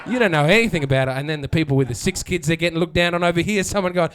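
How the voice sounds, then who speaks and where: A man's voice: fairly high pitch, very fast, few pauses, fairly bright tone, smooth. A man doing a sardonic stand-up set, chatting with the crowd and acting out quotes. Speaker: stand-up comedian. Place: comedy venue with live audience.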